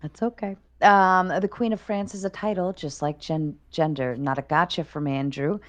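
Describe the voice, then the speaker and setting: Low-voiced woman reading chat messages. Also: steady tone, normal speed. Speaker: moderator reading super chats. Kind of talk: reading viewer messages on a stream.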